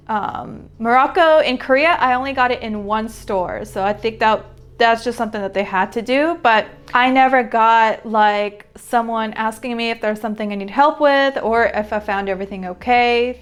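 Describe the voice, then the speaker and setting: Young southern us woman vlogging, kinda high voice, says like a lot, laughs a bunch. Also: smooth. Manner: chatty, laughs often, lots of "like". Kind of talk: casual storytelling to camera.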